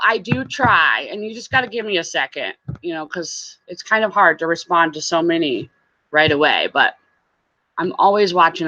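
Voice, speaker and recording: Woman, bright tone, casual livestream chat, slightly dull lo-fi mic. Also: mid-range voice. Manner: chatty, greets viewers, laughs often. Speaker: vlogger hosting a livestream.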